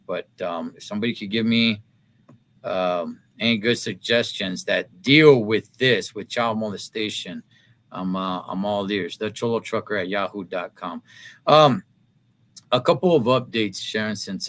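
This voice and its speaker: Hosting a live talk stream, this man has a voice on the low side and a casual, heartfelt manner. His speech is halting, full of fillers and restarts, and at times falls soft.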